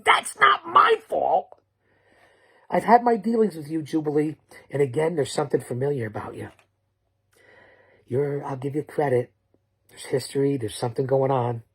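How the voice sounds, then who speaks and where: A middle-aged man rattles off a wrestling-style trash-talk promo in a husky, slightly breathy voice. He is bombastic and rambling, doubling back on his words as he hypes each matchup. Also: high-pitched, mellow. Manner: bombastic, rambling, with stammered restarts. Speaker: show host promoting matchups.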